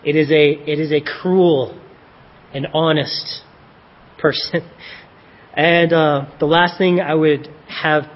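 A man's voice: a little high, fairly even intonation, takes it slowly, long pauses, highs cut off. A man preaching a sermon in a conversational style, with self-deprecating joking asides.

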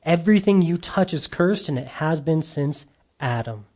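A man preaching a sermon, earnest and emphatic, lifting his voice for stress and slowing on key phrases. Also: a little high. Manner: earnest, emphatic, with lively rises and drawn-out slow phrases. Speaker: pastor.

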